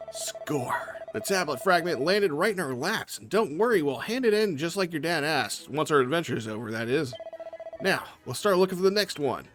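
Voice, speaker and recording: A man's voice: a little high, animated, fairly quick, fairly bright tone. A man giving casual gameplay commentary as a let's play host, chatty and thinking aloud. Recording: faint game music behind.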